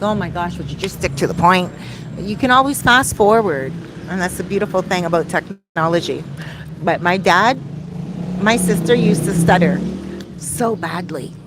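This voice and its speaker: A woman's voice: lowish voice, slight background noise. A middle-aged woman, a life coach, chatting casually to camera in a Q&A vlog and wandering off topic as she talks straight to her viewers. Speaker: soul coach hosting a Q&A vlog.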